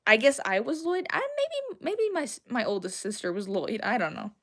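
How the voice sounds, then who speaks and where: Speaking at a normal speed in a slightly high voice with huge pitch swings, a young Southern American streamer chats casually with viewers. She's rambling and giggly, quick to put herself down as she reads and answers chat.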